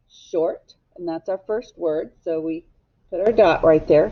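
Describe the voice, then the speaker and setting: A woman's voice: lowish voice, slightly rough. A woman teacher leading a recorded phonics lesson for young students, speaking patiently and asking them to echo words back. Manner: slow, patient, asks pupils to echo words. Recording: slightly dull, lo-fi recording.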